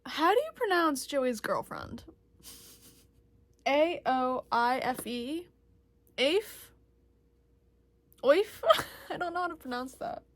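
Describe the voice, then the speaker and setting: A young woman with a fairly high voice talks casually about a book, giggling and gushing as she goes. She records herself on her phone. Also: very animated, unhurried, long pauses, fairly bright tone. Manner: giggly, gushing, laughs often. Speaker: book vlogger. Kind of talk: casual reading vlog chat.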